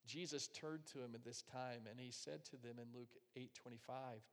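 A man preaching a sermon, emphatic, swinging from loud, driving swells to hushed, quiet asides. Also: medium pitch, steady tone, normal speed, long reverb tail. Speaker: pastor.

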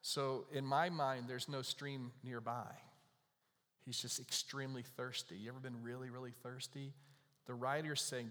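A man preaching a sermon in a conversational way, with emphatic bursts that drop to soft, quiet lines. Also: mid-range voice, a little slow. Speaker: pastor. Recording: long hall reverb.

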